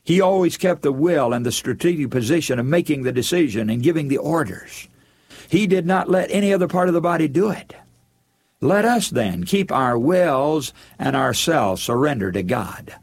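A man's voice: fairly high pitch, expressive, moderate pace, slightly rough. A man preaching a sermon in an earnest manner, addressing his listeners as friends.

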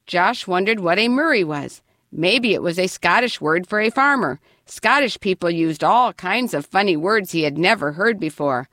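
Woman storyteller, children's book, animated pitch, dry close read. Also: moderate pace, no room sound. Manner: expressive, lively reading.

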